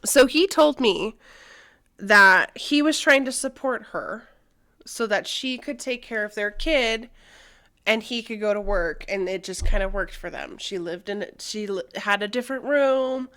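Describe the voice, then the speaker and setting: A woman's voice: mid-range voice, a little slow, pushed and bright. A young woman co-hosting a podcast, candidly telling a personal story, swearing freely and using many fillers. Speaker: podcast co-host.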